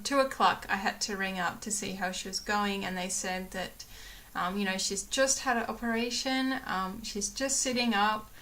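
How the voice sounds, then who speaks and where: A woman's voice: medium pitch, pushed and bright. A woman vlogger chatting casually, rambling with lots of ums and getting emotional as she retells her stories. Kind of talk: casual chat.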